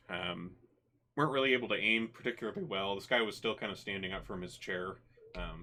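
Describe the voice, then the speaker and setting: A man with a low, very bright and forceful voice runs a tabletop game as its game master. He narrates the action loosely, stopping often on fillers and restarts.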